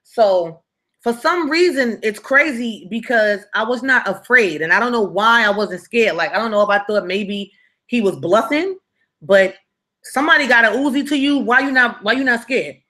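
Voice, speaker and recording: Bright-voiced woman telling a story. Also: fairly high pitch, animated, moderate pace. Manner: dramatic and conversational, with frequent tag questions to the viewer. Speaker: storytime vlogger. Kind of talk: casual storytelling.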